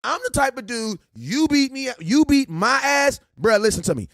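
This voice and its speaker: A man's voice: very high-pitched, lively intonation, moderate pace, fairly bright tone, no room sound, clean studio sound. A young man on a casual sports livestream, ranting, joking and laughing at his critics. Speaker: sports vlogger.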